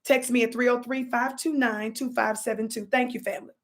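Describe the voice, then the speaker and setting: A woman hosting a live stream, telling a story to viewers in an animated, preachy call-and-response style. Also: a little high, a little fast. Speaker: livestream host. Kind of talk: casual livestream storytelling.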